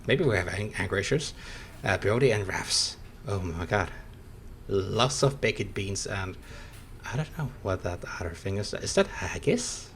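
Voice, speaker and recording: A man commentates casually on a game stream, rambling with lots of pauses and small laughs. His voice sits fairly low, with a faint hiss of noise under it. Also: fairly bright tone. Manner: rambling, chuckling, hesitant.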